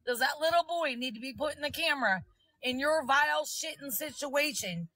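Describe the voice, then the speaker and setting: A woman's voice: high voice, lively intonation, normal speed, pushed and bright, no room sound, poor audio. A woman on a live stream confronting someone, scolding and insistent, repeating her points.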